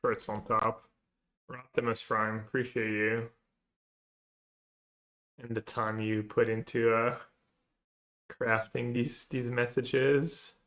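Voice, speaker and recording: A man's voice: mid-range voice, little pitch movement, slow, long pauses, a bit bright. A man streaming a card game, thinking aloud about his plays and chatting with viewers in a casual, muttering way. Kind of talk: casual stream commentary while playing.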